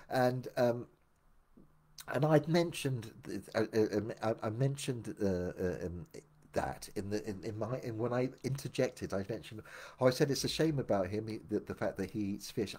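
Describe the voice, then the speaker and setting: An older man telling his memoir aloud, meandering with many restarts and dropping quieter for asides. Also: husky. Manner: meandering, full of restarts, drops low for asides. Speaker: memoir narrator. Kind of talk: rambling spoken memoir storytelling.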